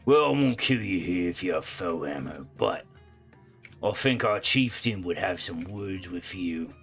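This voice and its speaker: Man playing a hulking barbarian brawler, gruff, slangy, low voice, faint music behind. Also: lively intonation, a little slow, a bit bright, exaggerated voice. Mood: menacing. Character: huge brawling male barbarian warrior, blunt and menacing.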